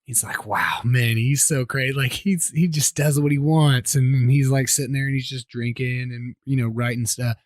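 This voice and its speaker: A man co-hosting a casual sports podcast, animatedly retelling commercials and dropping into quick character voices between laughs. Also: mid-range voice, fairly even intonation, dry recording, clean studio sound. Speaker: podcast co-host. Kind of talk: casual chat.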